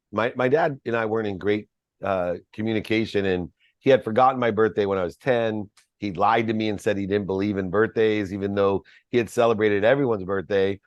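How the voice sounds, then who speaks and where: Low-voiced man telling his life story. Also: brisk, no echo, lo-fi sound. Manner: earnest, reflective storytelling. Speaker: podcast guest. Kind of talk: personal storytelling.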